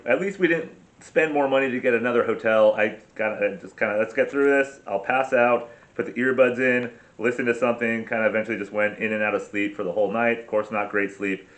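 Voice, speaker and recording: A middle-aged man from the United States telling a travel story in a casual vlog, profane and ranting, often cutting himself off. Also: mid-range voice. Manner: profane, ranting, self-interrupting. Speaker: travel vlogger.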